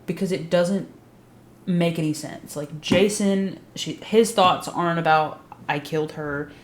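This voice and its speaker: A woman's voice: on the low side, fairly even intonation, measured pace, a little hiss or hum. A young adult woman recapping a TV series in casual, blunt, emphatic talk, swearing freely. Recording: roomy echo.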